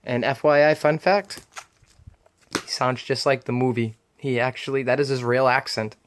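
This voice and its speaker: A man with a Boston accent talks through his collection in a relaxed show-and-tell vlog. He rambles freely, filling pauses with ums and uhs and laughing easily. His voice sits at an everyday middle pitch. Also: a little hiss or hum. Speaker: comic collector showing his haul.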